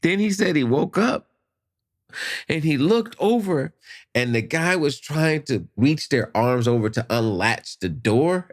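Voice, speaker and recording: Animated man telling a story. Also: fairly high pitch, measured pace. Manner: animated, acts out voices and sound effects. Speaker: podcast guest. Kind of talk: storytelling in casual conversation.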